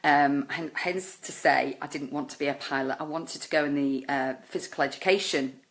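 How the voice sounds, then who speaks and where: Low-pitched woman, life coach, earnest and emotional storytelling. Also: moderate pace. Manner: earnest, emotional, many fillers and "oh my goodness". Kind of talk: personal storytelling.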